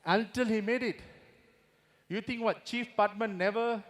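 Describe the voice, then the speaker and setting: Singaporean guy giving a pep talk, fairly high voice, long hall echo, keeps asking "right or not". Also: steady tone, measured pace. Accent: Singaporean English. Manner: rhetorical, keeps asking the audience to agree. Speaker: motivational speaker. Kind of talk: motivational stage talk. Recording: long reverb of a big hall.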